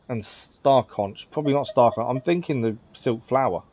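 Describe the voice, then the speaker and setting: A man's voice: mid-range voice, a little slow, vocal fry, highs cut off. A male streamer giving casual let's-play commentary, thinking aloud and hesitating with frequent ums.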